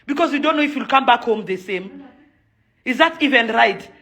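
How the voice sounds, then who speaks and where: A woman's voice: on the high side, animated, moderate pace, fairly bright tone. A young woman with a Kenyan accent giving an angry, emphatic video rant and repeating her points. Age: young adult. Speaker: socialite and event organizer.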